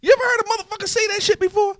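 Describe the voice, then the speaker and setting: A man's voice: extremely high pitch, steady tone, racing, no echo, studio quality. A man delivering a heated, profane rant as a live streamer. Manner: profane, heated, swings loud and quiet. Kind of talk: ranting monologue.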